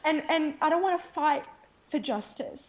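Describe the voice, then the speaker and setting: Earnest woman, high voice. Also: expressive, normal speed, muffled recording, a loud crowd. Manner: earnest, keeps asking "okay?". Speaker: interview guest. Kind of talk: impassioned interview talk.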